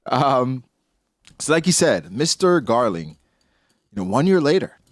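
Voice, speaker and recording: This unhurried male co-host breaks down a comic chapter in a casual podcast conversation, recorded dry with studio quality. Animated throughout, he acts out the characters' lines using dramatic pitch jumps.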